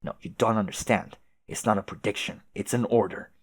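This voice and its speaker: A man voicing a haughty, prim young male troll aristocrat who speaks formally and quietly with contempt. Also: on the low side, fairly even intonation, brisk, husky, dry recording.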